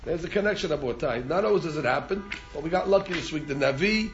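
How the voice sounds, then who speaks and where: A man's voice: on the high side, lively intonation, quick pace, highs cut off, faint music behind. A man teaching an informal Torah class, repeating words as he restarts and chanting Hebrew verses.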